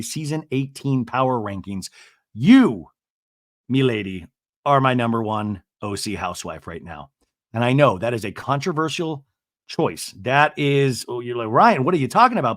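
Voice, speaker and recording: This podcast host, a man with a mid-range voice, goes over a TV episode in a chatty, funny, animated style packed with "like" and side comments. The audio is dry and of studio quality.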